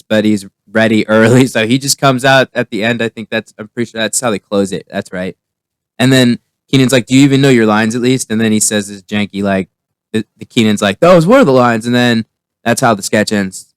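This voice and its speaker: Smooth-voiced man rambling casually. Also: medium pitch, no echo. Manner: rambling, with many restarts and fillers. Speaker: TV comedy reviewer. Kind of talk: casual spoken review.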